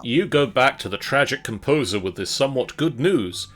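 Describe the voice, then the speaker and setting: A man narrating as game master of a tabletop role-playing game, wry and deadpan. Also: mid-range voice, moderate pace, faint music behind.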